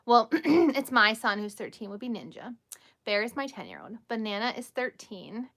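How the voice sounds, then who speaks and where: A woman's voice: on the high side, sing-song, moderate pace, a bit bright. A woman in her thirties chatting casually on a late-night livestream from home, laughing often as she answers viewers' questions. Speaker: livestream host. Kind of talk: casual live chat with viewers.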